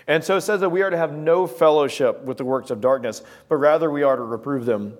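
A man preaches a sermon built around an object lesson and talks directly to his congregation. His delivery is animated and conversational. His voice sits somewhat higher than most men's. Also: fast talker, hardly any pauses.

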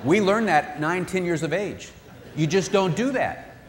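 Animated man preaching in a hall. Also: high-pitched, unhurried, a little hiss or hum. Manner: animated, acts out spouses' voices. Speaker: marriage speaker. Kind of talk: sermon-style talk.

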